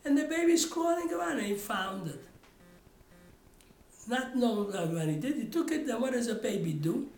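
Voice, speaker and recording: A man's voice: extremely high pitch, big pitch swings, moderate pace. Older New man, rambling storyteller. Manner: rambling storytelling with many restarts. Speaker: father telling family stories. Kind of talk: oral history interview. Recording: roomy echo.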